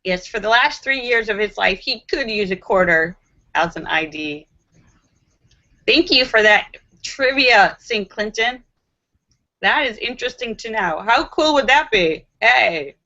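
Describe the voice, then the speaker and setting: A woman's voice: on the high side, animated, unhurried, pushed and bright, dull audio. A woman hosting a casual live stream and reading viewer comments aloud, playful and sassy, with frequent laughter and joking asides.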